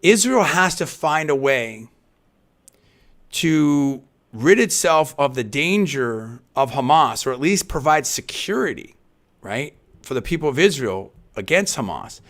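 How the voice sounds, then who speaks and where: A male talk radio host with a bright, forward voice, delivering a live monologue. He rambles through restarts and qualifiers, then drives his main points home with loud emphasis. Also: fairly high pitch, very animated, a little slow. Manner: rambling, with frequent restarts and hedges; emphatic, punching key phrases louder.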